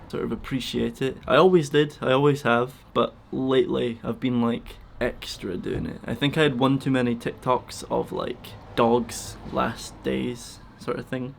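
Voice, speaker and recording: A man talking casually and emotionally in a vlog, soft and halting, close to tears. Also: medium pitch, vocal fry, slight background noise. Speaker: vlogger feeding a wild bird. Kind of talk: casual heartfelt vlog talk.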